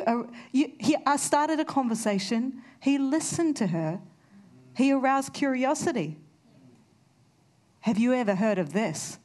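A woman's voice: fairly high pitch, darkish tone. A woman preaching a sermon, earnest and conversational, telling personal stories. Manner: earnest, storytelling with conversational asides.

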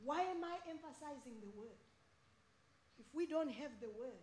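Fervent high-voiced woman preaching. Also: lively intonation, moderate pace, darkish tone, echoey room, slight background noise. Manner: fervent, emphatic repetition, storytelling. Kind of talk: sermon.

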